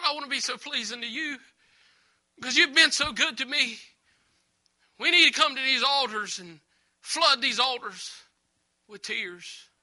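A man's voice: very high voice, sharp tone. A man preaching and then praying in church, pleading and earnest, asking for tears over the lost. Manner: pleading, tearful fervent prayer. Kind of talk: emotional church prayer.

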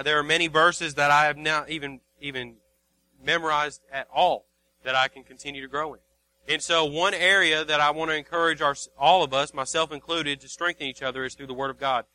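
Earnest bright-voiced male preacher. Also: a little high, rough recording. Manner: earnest, repeats phrases, quotes King James scripture. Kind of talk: sermon.

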